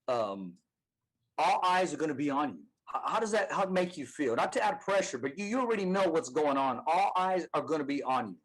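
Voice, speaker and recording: A man hosting a podcast, asking halting, encouraging interview questions. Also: on the high side, expressive, slightly rough, low-quality recording. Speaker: podcast host.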